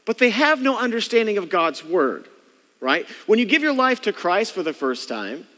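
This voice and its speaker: A man's voice: high-pitched, very animated, normal speed, sharp tone. A man preaching a conversational sermon as pastor, often slipping into the voices of churchgoers to show what they think. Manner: conversational preaching, mimics churchgoers' inner thoughts. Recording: long hall reverb.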